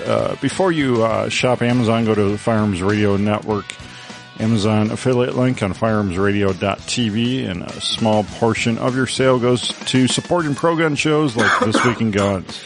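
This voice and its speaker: A man hosting a casual podcast panel, reading sponsor lines quickly and joking with guests. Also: on the low side, creaky, soft background music. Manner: brisk, joking, reads ad copy quickly. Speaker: podcast host.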